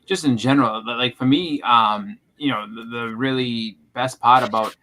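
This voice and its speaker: A man's voice: medium pitch, normal speed, sharp tone, rough recording. A man co-hosting a casual chat, rambling with many restarts and fillers. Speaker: co-host.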